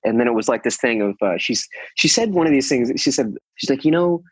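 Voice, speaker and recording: A man's voice: medium pitch, animated, fairly quick, breathy edge, no room sound. A man, chatting loosely as an interview guest, full of restarts and easy laughter. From California. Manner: rambling, many restarts, laughs easily. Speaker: guest musician. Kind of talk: casual interview chat.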